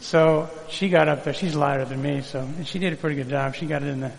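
A man's voice: a little high, fairly even intonation, fast, gravelly, long reverb tail, poor audio. A man preaching a sermon in a folksy, conversational way, calling on the congregation to repeat words back. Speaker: pastor.

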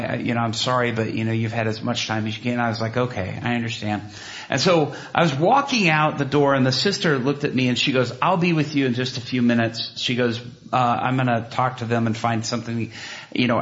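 A man preaching a sermon and telling a personal story, acting out what others said. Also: mid-range voice. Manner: animated storytelling, acts out quotes. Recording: dull lo-fi recording.

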